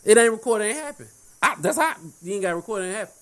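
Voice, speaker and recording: Casting: outspoken man, swinging pitch, heated and profane, slangy delivery. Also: lively intonation, very fast, a bit bright. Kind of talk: casual chat.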